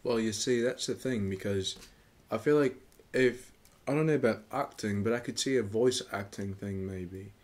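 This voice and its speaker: A man's voice: fairly low pitch, normal speed. A man co-hosting a comedy podcast who chats in a rambling, hesitant way. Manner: rambling, hesitant, full of you-knows. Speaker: podcast co-host. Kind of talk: casual comedy chat.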